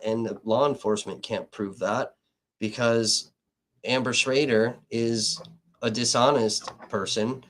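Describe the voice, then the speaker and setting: A man's voice: medium pitch, a little hiss or hum. A man hosting a livestream as an independent reporter, retelling a dispute in casual, heavily profane talk and laughing between points.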